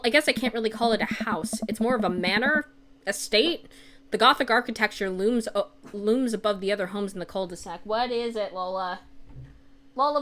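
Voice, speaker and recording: A woman narrating her way through a dating game with a somewhat high voice. She talks casually and jokes as she goes, drifting into rambling asides, and music plays behind her. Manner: jokey, rambling asides, laughs often. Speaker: gamer. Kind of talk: let's-play narration.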